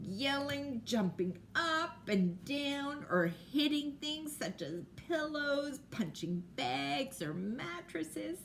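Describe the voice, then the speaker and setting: An older woman reading a children's picture book at bedtime, slow and gentle, explaining things to small children. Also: high-pitched, sing-song, a little hiss or hum.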